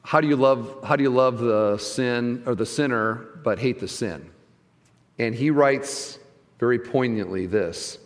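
A middle-aged man preaching a sermon as pastor, conversational, swinging from soft asides to loud emphasis. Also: medium pitch, measured pace, in a large hall. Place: church sanctuary.

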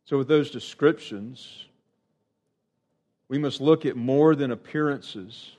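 A middle-aged man preaches a sermon slowly, earnest and emphatic, his pitch rising suddenly and some lines trailing off quietly.

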